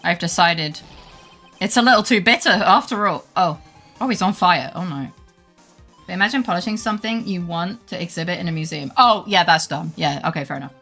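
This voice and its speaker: A woman's voice: fairly low pitch, lively intonation, brisk, gravelly, pushed and bright, soft background music. A woman streamer giving playful, sarcastic commentary on a game, cursing casually.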